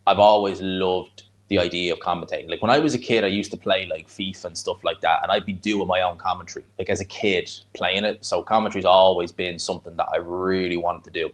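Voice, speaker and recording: A man with a North Dublin accent and a fairly low voice chats through a live fight watch-along. He rambles and restarts his sentences, then breaks into excited reactions to the punches. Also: a little fast, few pauses. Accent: North Dublin (Fingal). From Ireland.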